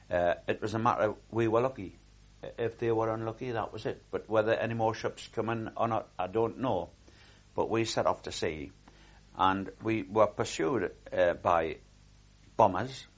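Old guy telling war stories, husky, keeps restarting and repeating himself. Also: lowish voice, muffled recording. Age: older. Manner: rambling, with frequent restarts and repeated words. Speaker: war veteran recalling service. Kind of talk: oral history recollection.

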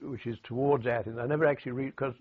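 With a steady tone and a husky, mid-range voice, an older British man interviewed for an oral history remembers his radio work in the war. The sound is tinny and phone-like, and his anecdotes mix dry humour with stop-start phrasing.

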